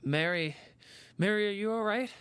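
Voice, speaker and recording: A man's voice: high voice, moderate pace, very noisy, lightly acted. A man playing an anxious bullied boy. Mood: scared. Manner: earnest, stammering when upset.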